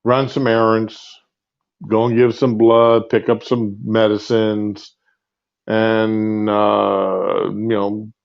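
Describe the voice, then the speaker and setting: A man's voice: on the low side, level tone, gravelly. Angry rambling man on a phone earbud. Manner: angry, rambling, halting with many fillers. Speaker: livestream host. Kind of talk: impromptu rant. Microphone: earbud with built-in mic on a phone. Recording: muffled lo-fi phone earbud mic.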